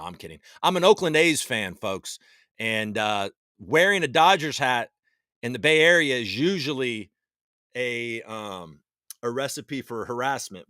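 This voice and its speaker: Male streamer host, loose and chatty, bright tense tone, dry mic. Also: medium pitch, no room sound. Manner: loose, chatty and swearing, with laughs and shout-outs. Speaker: livestream host. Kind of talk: casual livestream chat, reading out viewer comments. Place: home basement.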